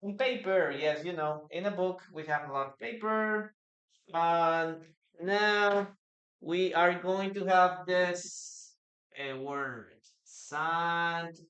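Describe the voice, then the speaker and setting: An English teacher who speaks Spanish natively, giving a live online lesson, explaining slowly with frequent hesitations and repeated phrases. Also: medium pitch, fairly bright tone.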